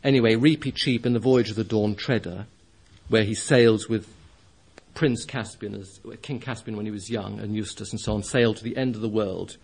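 A man preaching, reading a children's story aloud with expressive, measured storytelling. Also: lowish voice, husky.

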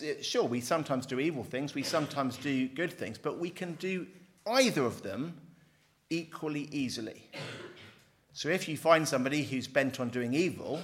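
Middle-aged man, theology lecturer, lively delivery, wry humour, mid-range pitch. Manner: lively, wry, self-deprecating asides. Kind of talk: teaching with a handout.

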